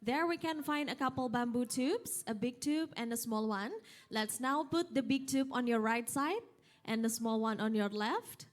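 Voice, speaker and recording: A young Indonesian woman whose first language is Sundanese, leading an audience workshop as an instrument instructor in a lively, coaxing way, counting out and calling commands. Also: fairly high pitch, moderate pace. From West Java, Indonesia. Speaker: angklung instructor. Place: hotel event hall.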